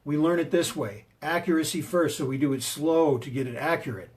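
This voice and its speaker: Emphatic motivational man, slightly high voice. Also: fairly quick. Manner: emphatic and punchy, drives points home; tells personal stories to make points. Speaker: motivational speaker and martial arts teacher. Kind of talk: motivational talk.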